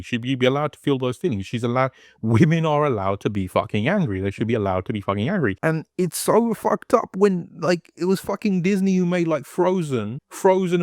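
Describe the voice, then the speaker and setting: A heated man rants in casual, profanity-laden talk as he hosts his own video essay. His voice sits at an ordinary middle pitch and is recorded close and dry, with no room echo. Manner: heated, profane, swears constantly.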